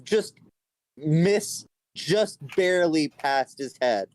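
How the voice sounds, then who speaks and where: A man playing a tabletop game over a voice call, making wry deadpan asides. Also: on the high side, slow, slight background noise. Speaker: player. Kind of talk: casual game chat.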